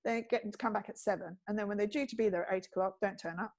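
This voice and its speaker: Witty, animated woman telling stories. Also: very fast, vocal fry. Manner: witty, acts out quoted voices with big pitch jumps. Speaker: guest, TV producer and speaker. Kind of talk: animated storytelling in conversation.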